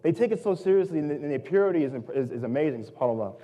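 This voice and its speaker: A young adult man giving a humorous storytelling talk, self-mocking and lively, acting out the people in his stories. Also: a little high, rapid-fire. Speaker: guest speaker. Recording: long hall reverb.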